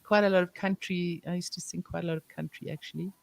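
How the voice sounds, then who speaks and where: A woman guest chatting in a relaxed way, reminiscing at length. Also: fairly low pitch, fast, creaky, no echo. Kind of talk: casual chat.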